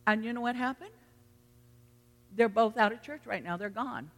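Bright-voiced pastor preaching in a hall. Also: medium pitch, moderate pace, long pauses. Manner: storytelling preacher, folksy and earnest. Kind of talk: sermon. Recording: long reverb of a hall.

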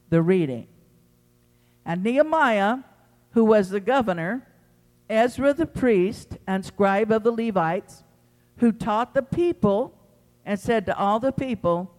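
In a church sanctuary, a pastor with a high-pitched voice preaches an impassioned, emphatic sermon to his congregation. His delivery swings between loud pleading and quiet teaching, with the sound of a large hall around him.

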